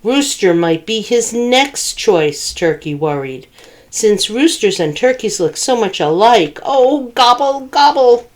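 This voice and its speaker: A woman's voice: mid-range voice, takes it slowly. A woman librarian reading picture books aloud at a children's storytime, asking the children questions. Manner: animated, asks children questions.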